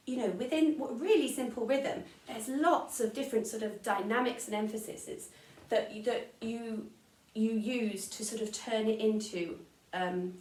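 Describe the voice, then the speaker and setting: A woman's voice: mid-range voice, recorded from a distance. A woman with an English accent teaching a string class, explaining beats and counting the rhythm aloud. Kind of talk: online music lesson. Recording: echoey room, voice from off-mic. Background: violin playing.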